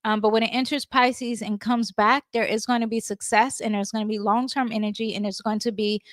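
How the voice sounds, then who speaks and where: A woman's voice: a little high, fairly even intonation, a little fast, no room sound. A woman astrologer reading horoscopes in a casual, chatty way, with lots of fillers and "okay?" check-ins. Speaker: tarot reader and astrologer.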